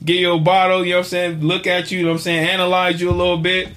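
Man, podcast guest: high bright voice, animated, slangy, acts out sound effects. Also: fast talker. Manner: animated storyteller, profane slang, vocal sound effects, bursts of shouting. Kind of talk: casual chat, storytelling.

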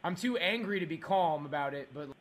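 A man on a prank call, ranting furiously, swearing and shouting at the person on the line. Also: fairly high pitch, expressive, a little fast. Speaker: prank caller.

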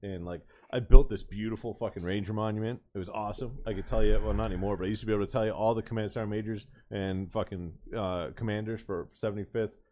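A man's voice: fairly low pitch, steady tone, fast, few pauses, warm tone, a little hiss or hum. A man on a podcast telling a story in a casual, offhand way, swearing freely. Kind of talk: casual chat.

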